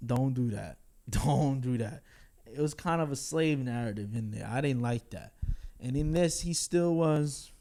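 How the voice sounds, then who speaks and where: A man talks through his take on a film in a loose, unscripted way. He is blunt and candid and often pauses on fillers or chuckles. His voice sits at an ordinary middle pitch. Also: darkish tone. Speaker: film reviewer. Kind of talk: casual spoken movie review.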